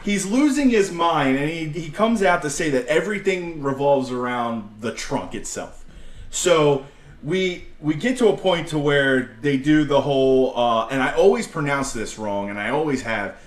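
A man co-hosting a casual podcast, recapping a segment with animated, excitable storytelling. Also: fairly high pitch, moderate pace. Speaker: podcast co-host. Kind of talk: casual wrestling podcast chat. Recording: echoey room, distant mic.

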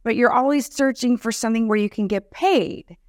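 A woman comedian telling her story as an interview guest, animated and self-deprecating, acting out the lines of people she quotes. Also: on the high side, a little fast, no echo, studio quality.

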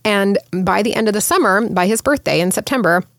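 A woman's voice: mid-range voice, fairly quick, fairly bright tone, dry recording. A woman in her thirties, a podcast host telling a family story in a casual, chatty way with many fillers.

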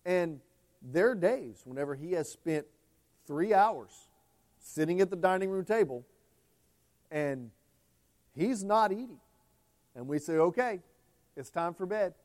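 A pastor preaching a sermon with passion, swinging between hushed, tender passages and loud, emphatic ones. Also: male voice, sits high, expressive, a little slow, pauses often.

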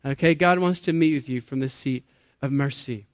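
A mid-range voice at a moderate pace carries this sermon from a pastor in his late thirties to a live audience in a church or meeting hall. He is earnest and talks conversationally, laughing at himself and asking the crowd questions. The audio is studio quality with no echo.

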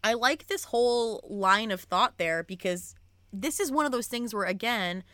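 A young woman co-hosting a podcast, chatting casually and excitably about books and swearing freely. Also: fairly high pitch, moderate pace, no echo. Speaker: podcast co-host. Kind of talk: casual book chat.

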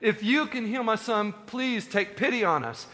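A man's voice: sits high, expressive, normal speed, sharp tone, voice pushed up. A man voicing a grieving father who desperately pleads for his son's healing, in a hall with long reverb.

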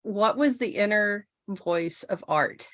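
A woman hosting a casual interview, easygoing and quick to laugh. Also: mid-range voice, lively intonation, fairly bright tone, no room sound, clean studio sound. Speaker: interviewer, host.

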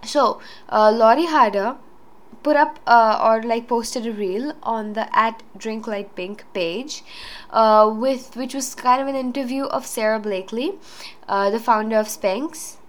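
A woman's voice: fairly high pitch, measured pace. A woman hosting a solo talk show, talking earnestly in a rambling casual way with many fillers. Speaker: podcast host.

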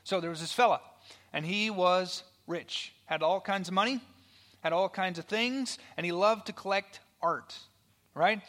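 A male pastor preaching a sermon, telling a story in a conversational way with frequent "right?" asides, swinging from loud storytelling to a hushed near-whisper. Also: high-pitched.

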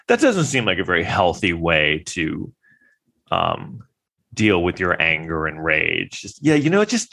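Man with a lowish voice for a chatty vlog, loose and sarcastic, heavy on fillers. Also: sharp tone. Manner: rambling, heavy use of filler words; sarcastic, incredulous. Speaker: vlogger giving trial commentary. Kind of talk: casual rambling commentary.

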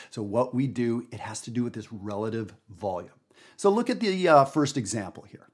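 A man hosting a jazz podcast, teaching in a casual, animated, emphatic way with everyday fillers. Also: medium pitch, moderate pace, husky. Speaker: jazz educator and podcast host.

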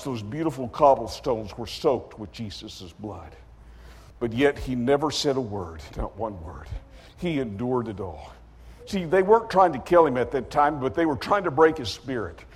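A male preacher tells a dramatic story from the pulpit, his husky voice swinging widely between hushed lines and sudden loud outbursts as he acts out the characters. The sound carries a long reverb, as in a large hall. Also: medium pitch.

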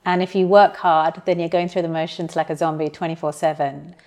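A woman's voice: deep voice, steady tone, brisk, darkish tone. A woman speaking earnestly and reflectively as a podcast guest. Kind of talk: interview clip.

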